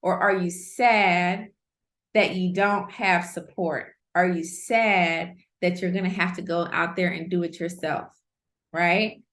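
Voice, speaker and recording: A middle-aged woman hosting an online masterclass, teaching in a lively, conversational way and repeating key points for emphasis. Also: on the low side, takes it slowly. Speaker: host, coach. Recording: roomy echo.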